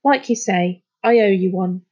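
A woman's voice: medium pitch, unhurried, a little mellow, dull audio, close to an everyday voice. A woman reading a storybook, voicing a blunt, cocky young boy who is proud of his boat. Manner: blunt, boastful.

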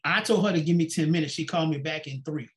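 Fast and fairly bright in tone, this man's voice is on the high side. He's a pastor and guest giving personal testimony in a sit-down interview, acting out what was said and repeating "she said."

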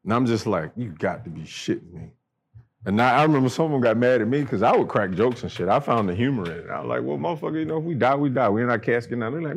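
A middle-aged man, a military veteran and podcast guest, telling stories in casual talk. He swears constantly, talks bluntly, and acts out the people he quotes by jumping up in pitch. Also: animated, quick pace, gravelly, breathy edge. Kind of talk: casual storytelling chat.

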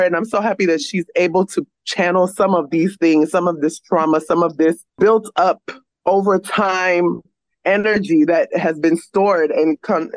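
A woman's voice: fairly low pitch, dry recording, low-quality recording. A young woman speaking earnestly on a video call, rambling heartfelt praise for her mother. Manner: earnest, rambling, lots of "you know". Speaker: guest's daughter.

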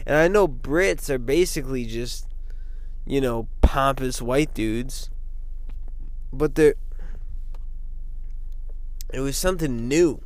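A man speaks in an unhurried, rambling monologue, keeping his voice at an ordinary pitch. He meanders from point to point and peppers his talk with fillers and casual asides. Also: darkish tone, dry recording. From American Midwest.

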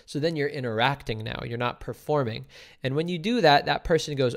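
A man hosting a casual podcast stream, talkative and quick to laugh, explaining ideas at length. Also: medium pitch. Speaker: podcast host. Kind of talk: casual livestream chat.

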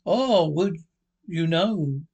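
A man's voice: on the high side, expressive, drawn-out words, a little mellow, husky, exaggerated voice. A man reading aloud and voicing the sorrowful ghost of a dead man, solemn and grave. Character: mournful chained ghost of a man. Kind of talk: storybook reading.

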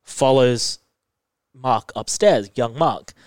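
Animated man recapping a show. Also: medium pitch, slow, clear, resonant tone, no echo. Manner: animated, detailed retelling. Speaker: podcast co-host. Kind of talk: casual chat recapping a TV episode.

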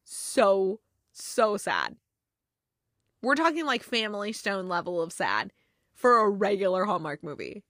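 A woman with a bright, crisp voice chats casually about holiday movies. She gushes and gets emotional, scattering fillers as she goes, and her voice sounds dry and close, with no room around it. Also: medium pitch, big pitch swings, normal speed, dry recording. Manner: gushing and emotional, with many fillers. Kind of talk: casual chat.

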